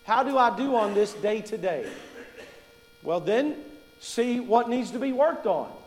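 Delivering a sermon in a high, animated voice with a darkish tone, a preacher chats with his congregation and asks them questions. His main points come more slowly for emphasis, all echoing in a large church hall's long reverb.

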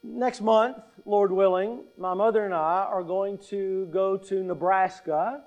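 A middle-aged man delivers a sermon in a fairly high voice, taking his time over every phrase. He repeats his key points and puts rhetorical questions to the congregation, and his delivery stays measured and emphatic. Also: steady tone, darkish tone, highs cut off. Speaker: pastor.

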